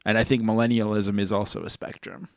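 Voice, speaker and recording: A man's voice: fairly low pitch, flat delivery, a little fast, no room sound, studio quality. A man hosting a podcast in casual chat, playful and laughing often. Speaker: podcast host.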